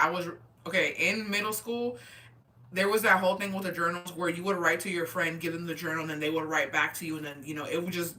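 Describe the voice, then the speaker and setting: Profane bright-voiced woman telling stories. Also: on the low side, recorded from a distance. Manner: profane, animated, reacting to chat. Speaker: streamer reading chat. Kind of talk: casual storytelling chat.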